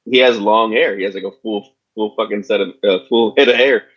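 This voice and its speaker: A man's voice: on the low side, steady tone, fairly quick, slightly rough. A middle-aged man co-hosting a podcast, joking around in casual chat with the odd swear. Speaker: podcast co-host. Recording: dull, lo-fi sound.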